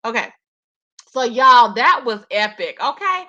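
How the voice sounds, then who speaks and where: A woman's voice: high-pitched, animated, normal speed, bright, forceful tone, highs cut off. A woman commenting on a streamed argument, sassy and gossipy, talking straight to her viewers. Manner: sassy, gossipy, talks to chat as y'all. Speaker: commentator reacting to a live-stream clip. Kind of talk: casual commentary.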